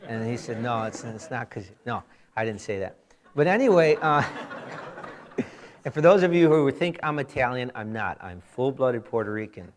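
A man in his forties, a pastor, giving a conversational sermon with animated storytelling and frequent asides. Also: medium pitch, a little slow.

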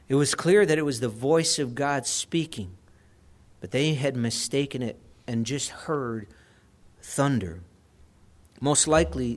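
A man teaching through scripture verse by verse in a measured, reflective manner, repeating phrases for emphasis. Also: mid-range voice. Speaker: Bible teacher.

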